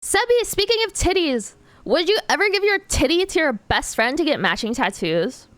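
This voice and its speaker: This woman streamer has a high, slightly bright voice with big pitch swings and a normal speaking speed. She draws while casually chatting, giggling often, saying "like" constantly, and answering chat questions, all in a dry recording.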